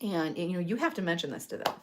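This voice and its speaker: A woman's voice: lowish voice, animated, fast, background noise. A woman herbalist giving casual advice in a chatty, earnest way, with frequent fillers and restarts. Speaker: herbalist host.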